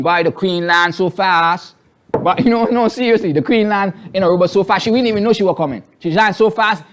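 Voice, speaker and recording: A man co-hosts casual political banter. His voice sits high and moves quickly, and he keeps repeating himself and tacking on "eh". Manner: animated, repetitive, tag questions with "eh". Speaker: co-host.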